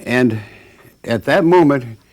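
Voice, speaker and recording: A man's voice: mid-range voice, slow pace. A man giving a storytelling talk, acting out the voices of the people in it, with plenty of ums and uhs. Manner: animated, acts out voices, many fillers. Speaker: lecturer.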